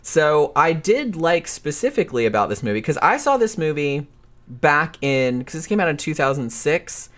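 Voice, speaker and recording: A man's voice: a little high, very animated, moderate pace, fairly bright tone. A man co-hosting a casual movie podcast, explaining background in long, hedging run-on sentences. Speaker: podcast co-host.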